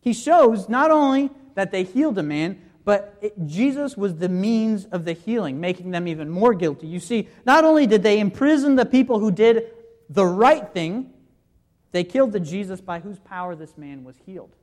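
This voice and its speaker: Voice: mid-range voice, animated, moderate pace, darkish tone. A preacher giving a sermon, walking listeners through scripture passages and posing rhetorical questions to the congregation.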